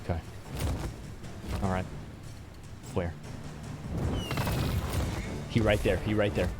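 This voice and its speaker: A man streaming a video game, commenting live as he fights a boss, cursing and yelling at it, then muttering quietly to himself. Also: lowish voice, little pitch movement, takes it slowly. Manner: swears and yells at the game boss. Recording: game music behind the voice.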